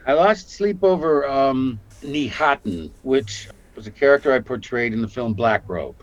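A man in his sixties from Canada, an actor telling stories in a casual interview and acting out the voices of the people he quotes. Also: a little slow. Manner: animated storyteller, acts out quotes with big pitch jumps. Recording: muffled lo-fi audio.

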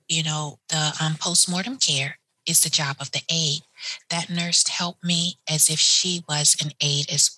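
A woman who works as a hospice nurse, telling a personal story in an animated way and acting out the voices of the people in it. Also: low voice, no echo, poor audio.

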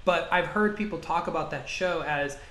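A podcast co-host who talks in a quick, opinionated and sarcastic way. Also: medium pitch, a bit bright, reverberant, slight background noise. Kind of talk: casual chat.

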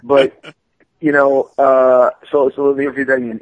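A man, a comic book artist, chatting casually on a podcast, rambling and animated with plenty of profanity. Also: mid-range voice, moderate pace, narrow, tinny audio, a little hiss or hum.

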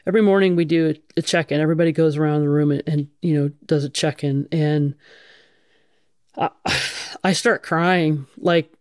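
A woman's voice: deep voice, fairly even intonation, normal speed, a little mellow, clear, resonant tone, no echo, clean studio sound. A middle-aged woman, a firefighter, telling her story frankly in an interview, swearing casually and restarting her sentences often. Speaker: guest, firefighter.

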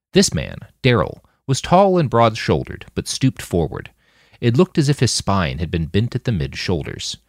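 A man narrating an audiobook chapter in a scripted, expressive reading on a close mic. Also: deep voice, no echo. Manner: expressive, wide-ranging reading.

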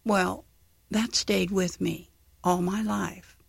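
Slow, gravelly older woman telling a story. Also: lowish voice, fairly even intonation, no room sound. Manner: slow, vivid storyteller who acts out quoted voices. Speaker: guest author. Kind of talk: storytelling in a radio interview.

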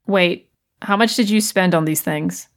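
A woman's voice: fairly low pitch, measured pace, lightly acted. A woman playing an exasperated, sarcastic young roommate in a comedy audio play. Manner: dry and sarcastic.

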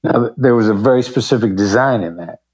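A man's voice: mid-range voice, fast talker, darkish tone, husky. A man being interviewed as a negotiation expert, talking in a confident, emphatic way and acting out short examples as he explains. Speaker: podcast guest, negotiation expert. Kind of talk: conversational interview.

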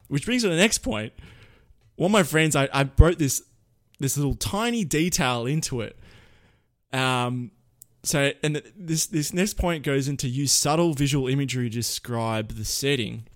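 A young man presenting storytelling tips in a casual spoken tutorial, lively and rambling, often correcting himself mid-sentence. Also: mid-range voice, no room sound, clean studio sound.

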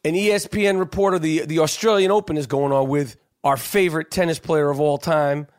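A man hosting a podcast, telling a story in a lively, profane, casual chat. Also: a little high, a little fast. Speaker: podcast host.

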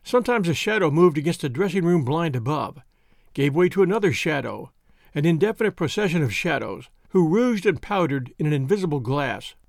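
A man's voice: a little high, very animated, brisk, vocal fry, dry recording, clean studio sound. A man narrating a novel as an audiobook, giving each character a voice.

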